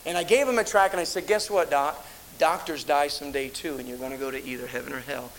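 On a rough recording with a little background noise, a middle-aged pastor delivers a storytelling sermon. His voice is a bit high and somewhat bright, he talks fast, and his anecdotes ramble, with many restarts.

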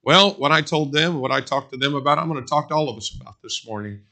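A man preaches a sermon in a loose, conversational way, drifting into stories and hammering points home through repetition. His voice has a bright, forceful edge and sits at an ordinary middle pitch for a man. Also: quick pace, vocal fry. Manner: conversational storytelling with emphatic repetition.

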